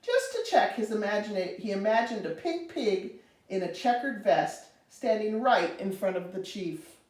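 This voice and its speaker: A woman reading a children's storybook aloud in an expressive, animated way. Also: mid-range voice, normal speed, far from the mic. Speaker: storybook reader. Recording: roomy, reader away from mic.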